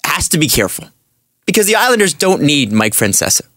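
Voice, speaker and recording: A man's voice: fairly high pitch, big pitch swings, quick pace, bright, forceful tone, no room sound, clean studio sound. A man co-hosting a podcast in casual chat, playful and teasing, jumping in with jokes. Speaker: podcast co-host.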